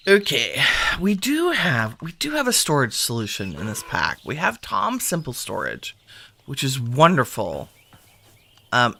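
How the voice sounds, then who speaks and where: A man's voice: mid-range voice, creaky, sharp tone, a little hiss or hum. A man giving casual gameplay commentary as a video host, chatting and thinking aloud to himself while he sorts things.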